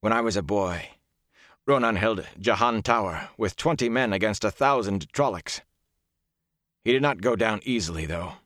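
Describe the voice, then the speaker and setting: A man's voice: on the low side, normal speed, dry recording, voice pushed up, lightly acted. Audiobook: stern middle-aged warrior lord voiced by a male narrator, anguished and raised, dry booth sound. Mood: weary. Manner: stern, bursts into shouting anguish. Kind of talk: audiobook character voice.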